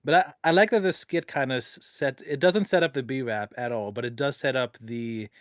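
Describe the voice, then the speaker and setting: Male podcast host: halting, filler-heavy delivery, easy chuckle, dry close-mic sound. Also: mid-range voice, no room sound. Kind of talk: casual podcast interview.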